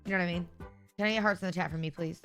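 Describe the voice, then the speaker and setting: A woman's voice: fairly low pitch, fairly even intonation, rapid-fire, fairly bright tone, soft background music. A woman streamer chatting casually with her viewers, rambling, sarcastic and often laughing. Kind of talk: casual live-stream chat.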